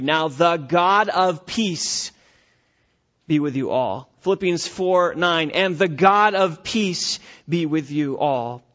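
Man, pastor, sermon, high voice, emphatic repetition, muffled lo-fi sound. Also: fairly bright tone. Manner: emphatic, repetitive preaching with rising and falling intensity.

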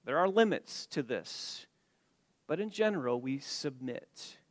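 A man preaching an expository sermon to his church, stressing key words loudly and then dropping his voice low, with some stammering restarts. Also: lively intonation, unhurried, no room sound. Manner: emphatic, rising to loud stresses then dropping quiet. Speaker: pastor.

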